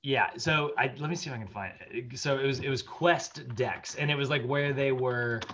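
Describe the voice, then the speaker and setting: A man's voice: mid-range voice, normal speed, a bit bright, muffled recording. Chatty man giving a casual lecture. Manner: chatty, anecdotal, many fillers, laughs while telling stories. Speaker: fitness instructor.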